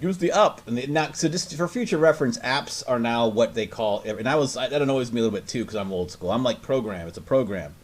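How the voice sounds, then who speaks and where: A man's voice: medium pitch, fast, few pauses. A man co-hosting a casual talk show, ranting and swearing freely. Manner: ranting, profane, many restarts. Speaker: radio show co-host. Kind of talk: casual chat.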